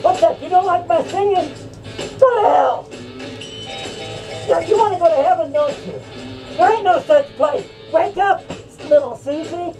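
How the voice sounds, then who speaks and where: A woman's voice: very high voice, unhurried, long pauses, warm tone. Woman doing a drunk scornful preacher. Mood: taunting. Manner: taunting, rowdy, slurring drunk bragging. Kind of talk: comic rant to camera. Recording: distant mic with faint music.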